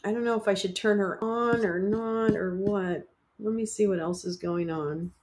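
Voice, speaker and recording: A woman's voice: medium pitch, steady tone, normal speed, a little mellow, a little hiss or hum. A woman hosting a livestream, talking in a candid, rambling way with swearing and laughs. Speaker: livestream host. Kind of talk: casual livestream chat.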